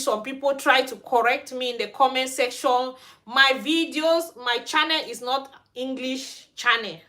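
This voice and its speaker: A high, pushed, bright voice belongs to a Cameroonian woman with a Cameroonian accent. She hosts a hair care channel and is ranting frankly in a livestream chat, recorded in Sweden.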